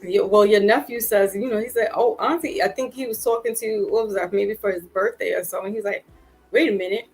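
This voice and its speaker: A woman's voice: medium pitch, fairly even intonation, fast talker, few pauses, a little mellow, faint music behind, low-quality recording. Laid-back New York woman hosting a chat. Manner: laid-back, trailing, says "um" and "like" often. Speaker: host. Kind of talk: casual chat.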